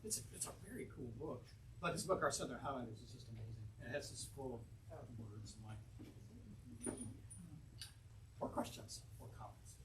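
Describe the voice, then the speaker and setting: A man's voice: medium pitch, moderate pace, long pauses. A man from North Carolina, a poet answering audience questions at a bookstore event, telling anecdotes in a rambling way and chuckling often. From North Carolina, USA. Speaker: poet presenting his book. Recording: distant mic, noisy room.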